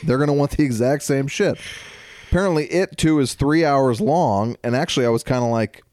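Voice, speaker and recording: A man's voice: medium pitch, fairly quick, a little mellow, dry recording, studio quality. A man co-hosting a podcast in casual chat, blunt and wry, with offhand swearing. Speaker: podcast co-host.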